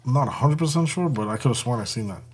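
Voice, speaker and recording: A man's voice: mid-range voice, lively intonation, rapid-fire, breathy edge. Easygoing man hosting a live stream. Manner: joking, laughs often, talks to chat. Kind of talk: casual live-stream chat while building a kit.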